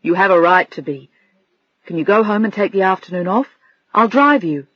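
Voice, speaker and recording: A narrator voicing a gentle, protective man who speaks calmly and reassuringly. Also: high voice, normal speed, no echo, muffled recording.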